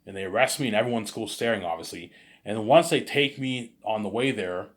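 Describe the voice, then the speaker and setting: A man's voice: fairly low pitch, fairly quick. A young man telling a story in casual talk, rambling, repeating words and saying "you know what I'm saying" often.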